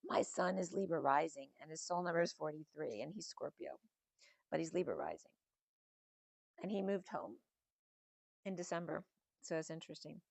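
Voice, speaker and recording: A middle-aged woman, slightly hoarse, giving a spiritual tarot reading in a musing, meandering way that strings numbers and symbols together. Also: low-pitched, animated, normal speed, pauses often, no echo. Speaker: tarot reader.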